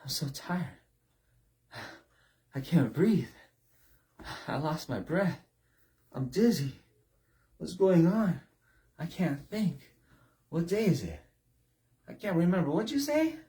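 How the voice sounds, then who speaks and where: A man's voice: fairly high pitch, very animated, mellow, pitched above the performer's own voice. Man putting on a dazed, worn-out man. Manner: halting, bewildered questions. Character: dazed exhausted man, confused and breathless.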